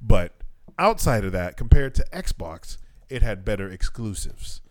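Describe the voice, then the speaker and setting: A man's voice: on the low side, sing-song, measured pace, a little mellow, no echo. Young guy cohosting a podcast, voice jumps all over, dry close mic, cusses and laughs a lot. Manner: joking, profane, laughs often. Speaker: podcast co-host. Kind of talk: casual podcast chat.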